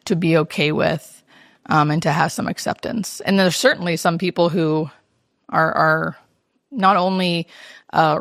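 This woman, a hospice nurse, has a fairly low voice with vocal fry, captured in clean studio sound without room noise. During an interview she tells stories animatedly, voicing the people in them.

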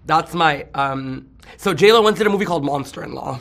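A man's voice: fairly high pitch, lively intonation, fairly quick, creaky, fairly bright tone. A man in casual celebrity gossip chat, campy and rambling, laughing often and breaking into song.

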